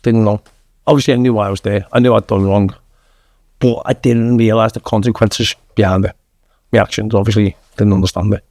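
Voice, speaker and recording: A man's voice: on the low side, fairly even intonation, brisk, darkish tone, dry recording. Blunt Mancunian man in his thirties. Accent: Manchester. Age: 30s. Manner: blunt, sweary, keeps saying "lad". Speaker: podcast guest. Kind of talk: casual storytelling.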